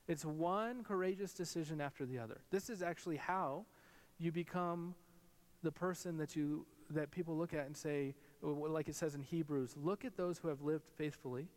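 A man in his thirties, a pastor, giving a conversational sermon and telling family stories, his voice leaping up when he quotes others. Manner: conversational storytelling, pitch jumps when quoting others. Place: church sanctuary. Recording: long hall reverb.

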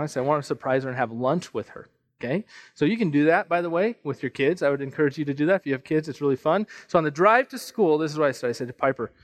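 A man in his thirties preaching a sermon, telling a personal family story in an animated way, often restarting and repeating phrases. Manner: storytelling, animated, rises in pitch and volume at emotional peaks. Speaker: pastor.

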